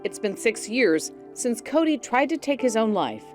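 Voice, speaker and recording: A woman reporting as a TV reporter, reading a scripted news voice-over in a measured, expressive way. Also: on the high side. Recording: faint music bed underneath.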